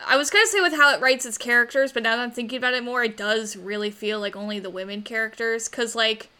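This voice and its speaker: Podcast co-host, female, bright tone, fairly high voice, casual film chat. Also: smooth. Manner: quick, chatty, thinks aloud with fillers.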